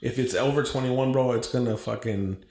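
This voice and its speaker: A man with an American accent co-hosting a casual podcast, talking in an animated, opinionated way and swearing freely. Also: medium pitch, normal speed, echoey room, slight background noise. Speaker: podcast co-host. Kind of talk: casual chat.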